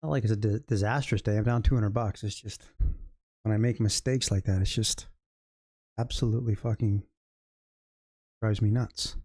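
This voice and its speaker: A man's voice: lowish voice, steady tone, normal speed, long pauses, a little mellow, no room sound, clean studio sound. A man trading live and talking to his viewers, muttering to himself, swearing and scolding himself over his mistakes. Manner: frustrated, swearing, self-critical muttering. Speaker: livestream day trader. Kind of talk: casual live commentary while trading.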